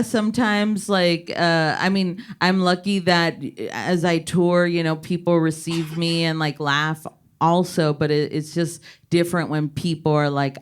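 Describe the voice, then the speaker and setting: A woman's voice: sits low, fairly even intonation, a little slow, clear, resonant tone. A female comedian from San Antonio, talking frankly and playfully on a panel. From San Antonio, Texas. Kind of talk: panel discussion.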